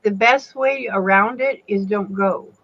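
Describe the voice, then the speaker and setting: A woman's voice: medium pitch, measured pace, a bit bright, no echo, dull audio. A woman in casual chat, dropping blunt, wry remarks.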